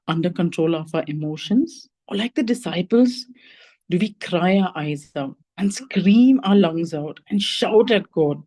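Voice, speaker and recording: A woman's voice: on the low side, warm tone, rough recording. A woman giving a conversational sermon over a video call. She thinks aloud, says "like" and "you know" often, and asks her listeners reflective questions. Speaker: lay preacher giving the message.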